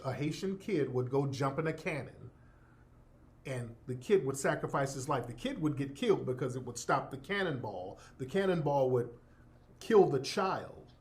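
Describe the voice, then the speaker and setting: Animated man delivering a fiery monologue. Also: on the high side. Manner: emphatic, profane, preacher-like. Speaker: commentator. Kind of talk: impassioned monologue.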